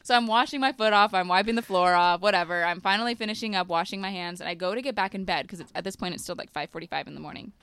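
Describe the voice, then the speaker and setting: A woman co-hosting a casual podcast, telling a story in an animated way and laughing often. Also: fairly low pitch, very fast, few pauses. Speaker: podcast co-host. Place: boat.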